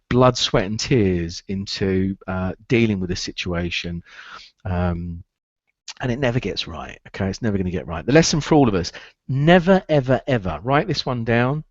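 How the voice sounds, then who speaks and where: A man's voice: lowish voice, dry recording, muffled recording. A man giving a training talk on running a recruitment business, emphatic and repeating key phrases to drive them home.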